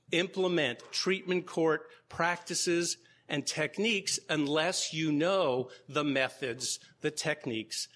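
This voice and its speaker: His voice is on the high side, bright and pushed. Addressing a live audience in a lecture room, this law professor, who co-organized the conference, delivers the opening remarks, sprinkled with wry humor.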